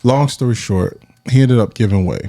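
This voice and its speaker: Male podcast host, thirties, mellow low voice, lively storyteller, dry close mic. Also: normal speed, no echo. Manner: animated, acts out friends' voices in quotes; addresses listeners directly, repeats phrases. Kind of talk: casual storytelling chat.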